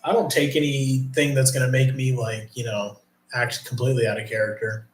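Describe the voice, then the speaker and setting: A man's voice: mid-range voice, flat delivery, fairly quick. A man casually chatting on a live stream, reading chat aloud, with profane, rambling talk. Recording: roomy echo.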